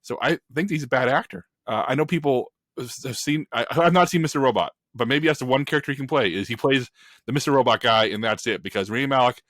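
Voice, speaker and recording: A man on a film podcast panel, ranting in an animated, emphatic and opinionated way in casual chat. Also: medium pitch, quick pace, no echo, clean studio sound.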